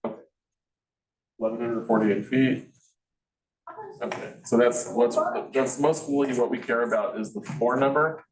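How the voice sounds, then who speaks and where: Man instructor, mid-pitched, walks through numbers aloud, roomy echo, distant mic. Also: a little slow, long pauses, a crowd in the background. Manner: thinks aloud, restarts phrases, explains step by step. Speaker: real estate instructor. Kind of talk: teaching a class, walking through numbers live.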